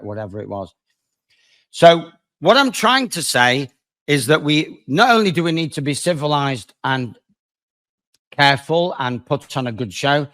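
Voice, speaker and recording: Male guest lawyer, raised pitch; lively storyteller, swings from emphatic to hushed. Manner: animated, dramatic swings in loudness. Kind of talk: conversational storytelling.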